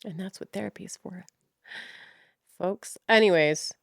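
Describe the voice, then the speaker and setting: A woman's voice: mid-range voice, measured pace, gravelly, dry recording, studio quality. A young woman hosting her own podcast, rambling frankly, swearing often and mocking herself as she loses her train of thought. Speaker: podcast host. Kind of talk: casual rambling monologue.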